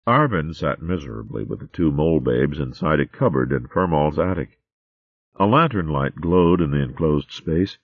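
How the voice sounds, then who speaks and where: A man narrating an audiobook in a steady, even storytelling voice. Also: extremely low pitch, moderate pace, dry recording. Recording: dry, slightly muffled recording.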